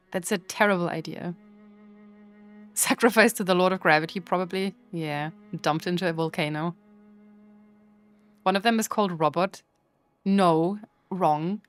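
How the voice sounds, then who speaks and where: A woman's voice: fairly low pitch, measured pace, pauses often, faint music behind. A woman streamer chatting casually with her live chat while playing, playful and full of mock outrage.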